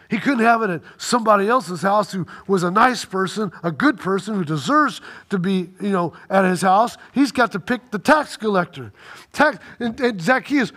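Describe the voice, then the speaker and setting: A man preaching a sermon, retelling a story in an animated, conversational way. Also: sits high. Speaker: pastor.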